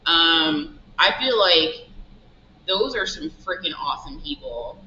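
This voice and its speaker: A woman who owns a shop, telling stories in a casual interview and acting out the dialogue in lively quoted asides. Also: low voice, takes it slowly, slight background noise. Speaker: shop owner guest. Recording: roomy, dull lo-fi sound.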